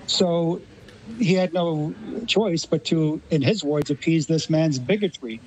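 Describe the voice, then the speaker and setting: Radio guest: American man, slightly high-pitched, talks in long, thoughtful explanations. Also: measured pace, a little mellow, poor audio. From Los Angeles, United States. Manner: articulate, expansive explanations. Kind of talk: radio discussion.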